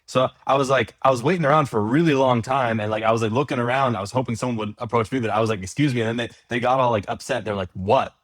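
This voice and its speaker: A man's voice: mid-range voice, racing, hardly any pauses, dry recording. A man hosting a podcast, chatting and joking casually with his guest. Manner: joking, easygoing interviewer. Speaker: podcast host. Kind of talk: casual chat.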